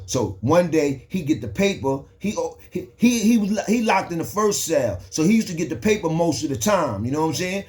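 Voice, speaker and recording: A young man spins a street story in loose, slangy talk that circles back and restarts often. His voice sits a little high for a man. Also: darkish tone. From the Bronx, New York.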